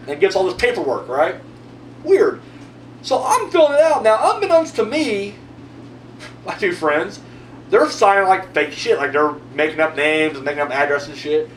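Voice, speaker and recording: Animated, profane man telling a story. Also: high voice, moderate pace, distant mic. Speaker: video host answering viewer comments. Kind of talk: casual storytelling monologue. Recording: roomy echo, mic set back, faint hum.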